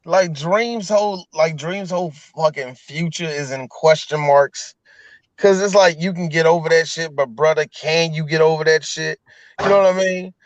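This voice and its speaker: High-voiced man in loose, profane banter. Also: normal speed, no echo. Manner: loose, profane, laughs often. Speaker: podcast co-host. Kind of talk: casual podcast banter. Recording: dull, lo-fi dry audio.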